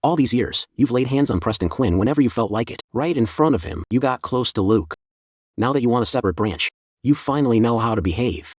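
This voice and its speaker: A man's voice: medium pitch, expressive, fairly quick, a little mellow, slightly rough, dry recording. A man voicing a scheming, greedy young brother-in-law, sneering and sarcastic, in a dry booth. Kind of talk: dubbed drama acting.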